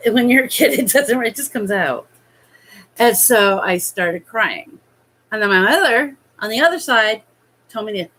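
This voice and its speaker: A woman telling a personal childhood story in a hesitant, halting way, full of fillers. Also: medium pitch, sing-song, pushed and bright, low-quality recording. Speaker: vlogger.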